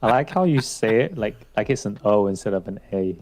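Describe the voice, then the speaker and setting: A man's voice: fairly low pitch, animated, a little fast, a little mellow. A man making dry, teasing remarks as a co-host in a casual livestream chat.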